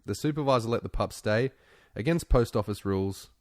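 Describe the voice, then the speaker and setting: A man co-hosts a podcast in easy, joking chat. His voice sits a little low, and he breaks into laughter often. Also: fairly quick, a little mellow. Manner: jokey, laughs often, drops into silly voices. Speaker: podcast co-host. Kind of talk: casual chat.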